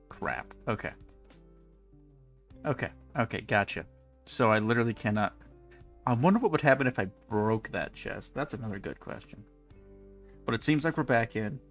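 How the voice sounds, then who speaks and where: A man's voice: fairly low pitch, a bit bright. A man casually rambling through live gameplay commentary, chatty and self-mocking, speaking into a desk mic with a pop filter. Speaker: game streamer.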